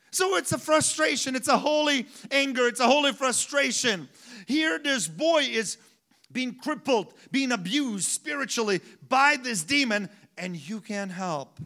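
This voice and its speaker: A man's voice: extremely high pitch, animated, unhurried, sharp tone. A man in his thirties preaching a sermon in a conversational way, asking the congregation rhetorical questions. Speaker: pastor.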